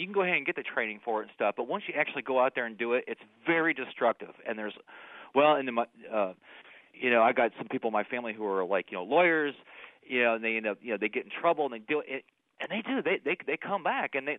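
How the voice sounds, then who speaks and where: A man's voice: mid-range voice, no echo. Man in his thirties, radio call-in, rambling and filler-heavy, tinny phone sound, dry and close. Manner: rambling, many fillers and restarts. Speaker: caller. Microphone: telephone.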